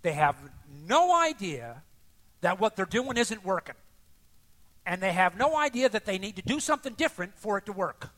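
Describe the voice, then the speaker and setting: An older man preaching a sermon in a conversational, animated way, often acting out the people he describes. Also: high-pitched. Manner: animated, conversational, acts out voices. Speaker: pastor.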